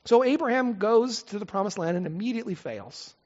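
A middle-aged man preaching a conversational sermon from the pulpit, full of asides and rhetorical questions. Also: high voice. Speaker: pastor. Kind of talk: expository sermon. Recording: echoey hall, slightly dull sound.

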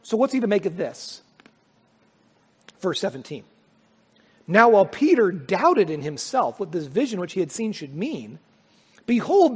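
A man's voice: extremely high pitch, fairly bright tone, husky. A man preaching a sermon, reading scripture and talking conversationally with emphatic, stammering restarts. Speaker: pastor. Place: church sanctuary. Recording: long hall reverb.

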